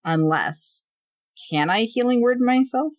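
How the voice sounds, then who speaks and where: A mid-pitched player chats through their turn in a tabletop game, quick, joking and casually swearing. The recording is dull and lo-fi. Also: lively intonation.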